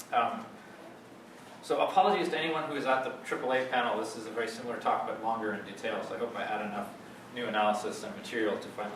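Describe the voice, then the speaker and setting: A man giving an academic lecture as a guest speaker, halting with many fillers and restarts. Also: fairly low pitch. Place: lecture hall. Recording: echoey hall, distant mic, noisy.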